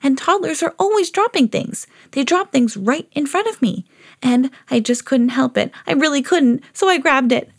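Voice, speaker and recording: A woman's voice: high voice, normal speed, creaky, pitched above the performer's own voice. A woman reading a children's storybook aloud as a lovable, eager female pet dog. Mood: earnest. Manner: earnest storybook reading, rising excitedly.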